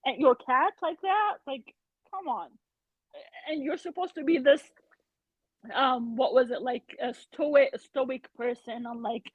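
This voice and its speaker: A woman's voice: high voice, no room sound. A woman guest telling a story in a casual podcast chat, animatedly acting out what people said. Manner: animated retelling, acts out quotes. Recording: tinny phone-like remote call.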